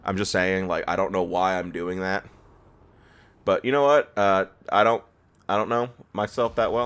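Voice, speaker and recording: A man's voice: fairly low pitch, sing-song, normal speed, fairly bright tone, slight background noise. A tired man just out of bed, rambling and stammering through casual gameplay commentary as a let's play host. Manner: rambling, self-deprecating, stammers and laughs.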